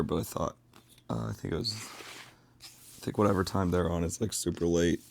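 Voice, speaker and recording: A man with a sick, hoarse voice chatting casually and mumbling to himself as he streams while papercrafting. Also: steady tone, moderate pace, a little mellow, a little hiss or hum. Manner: low-key, mumbling, thinking aloud.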